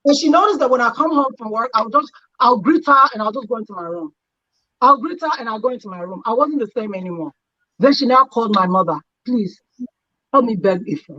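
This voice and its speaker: A woman's voice: a little high, expressive, fast, bright, forceful tone, muffled recording. A middle-aged woman who hosts a chat show and tells a personal story with animation, acting out quoted lines. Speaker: host.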